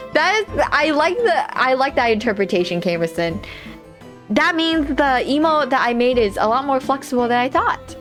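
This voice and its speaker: A woman's voice: high voice, big pitch swings, normal speed, fairly bright tone, faint music behind. A woman streamer chatting casually and giggling as she reacts to her chat while playing a game.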